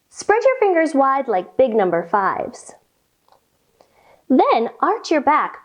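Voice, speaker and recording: Female kids-yoga teacher, high and bouncy voice, slow and playful, with animal noises. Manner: playful, sing-song, makes animal sounds. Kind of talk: guided kids yoga lesson.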